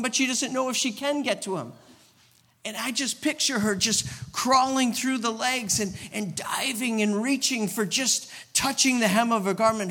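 High-voiced man preaching in a reverberant church. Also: fairly bright tone. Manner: casual storytelling preaching with repeated restarts. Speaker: guest pastor. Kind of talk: sermon. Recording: long reverb of a church hall.

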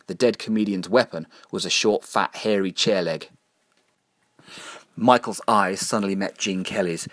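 Deep-voiced man narrating a grim tale. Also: fairly bright tone, no echo. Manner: measured, grim storytelling with slowed emphasis on key phrases. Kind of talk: scripted horror story narration.

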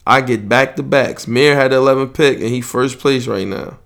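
A man's voice: medium pitch, normal speed, gravelly, fairly bright tone. A young man, hosting a podcast and rambling loosely and profanely in casual sports chat. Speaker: podcast host.

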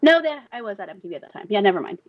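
A woman at a mid pitch chats casually and rambles through her stories, with "like" all over her talk. The sound is dull and muffled with no room echo. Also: sing-song, very fast. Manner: rambling storyteller, says "like" a lot. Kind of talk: casual chat. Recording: dull dry recording.

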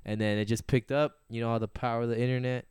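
A man co-hosting a podcast in casual chat, telling stories in an animated, chatty way. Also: medium pitch, quick pace, clear, resonant tone, no room sound, clean studio sound. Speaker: podcast co-host.

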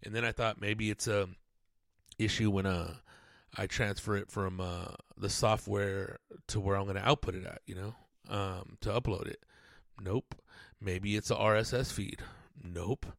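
A man rambles through a casual podcast monologue, cursing freely and tossing in fillers. His voice sits a little low and has a gravelly rasp. The sound is dry and close, with no room echo. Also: steady tone, normal speed, a bit bright. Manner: rambling, profane, laid-back, lots of "dude" and fillers. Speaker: podcast host.

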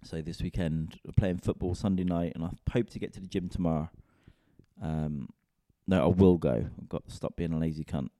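A man's voice: deep voice, fairly even intonation, moderate pace, warm tone, no room sound, clean studio sound. A man, a comedian and podcast host, rambling in a casual, sweary, self-mocking solo rant.

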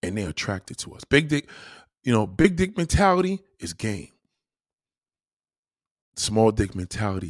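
Man, young, livestream host, husky voice, dry close sound, blunt and profane. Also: fairly low pitch, sing-song, normal speed, long pauses, no echo. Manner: blunt and profane, with repeated restarts. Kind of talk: casual livestream rant.

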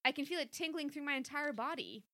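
A woman's voice: high-pitched, animated, fast talker, sharp tone, pitched above the performer's own voice. A woman voicing a moody young heroine with a snappish, sulky manner. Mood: chatty. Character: moody young woman back in her hometown.

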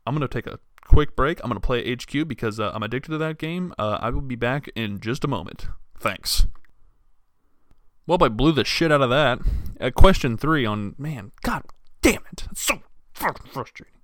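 A man's voice: medium pitch, animated, normal speed, a bit bright, dry recording. Young man ranting, dry close sound. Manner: exasperated, profane, rambling with restarts. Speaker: podcast host. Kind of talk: casual solo rant.

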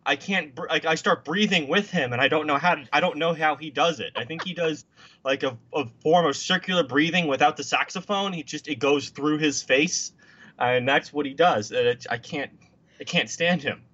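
A man's voice: on the high side, normal speed, sharp tone, muffled recording. A man in casual movie chat, opinionated and emphatic, sometimes mocking people with impressions.

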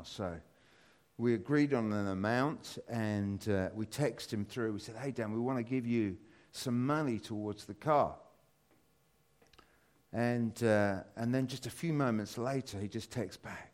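A British man in his fifties tells a personal story during a church talk. His delivery rambles with frequent fillers and restarts, and his voice lifts with excitement. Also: mid-range voice, unhurried. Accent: British English. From Britain. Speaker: church speaker.

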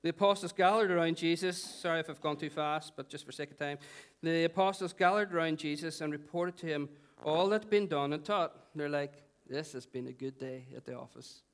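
A Northern Irish man preaching in church, his voice pitched high for a man. He keeps the sermon light, teasing his listeners between passages of scripture. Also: fairly quick, clear, resonant tone. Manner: playful, joking with the congregation. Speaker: pastor. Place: church hall.

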